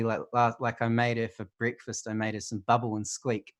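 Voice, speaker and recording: A man's voice: lowish voice, level tone, moderate pace, hardly any pauses. A man with a New Zealand accent, hosting a stream and chatting casually in a laid-back, rambling way full of fillers. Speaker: stream host. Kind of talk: casual chat.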